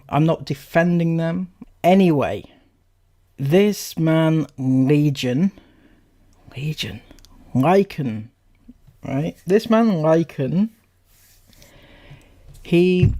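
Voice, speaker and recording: A man's voice: fairly high pitch, a little mellow. A man hosting a commentary video, talking in a sarcastic, mocking way. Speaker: commentary YouTuber. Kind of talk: casual commentary.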